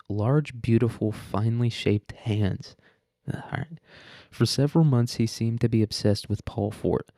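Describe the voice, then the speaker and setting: Brief: casual low-voiced man with a dry close sound, reading a story and mocking it. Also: mellow, dry recording. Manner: irreverent, profane, laughs often. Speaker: podcast host reading a story. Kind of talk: reading aloud with casual commentary.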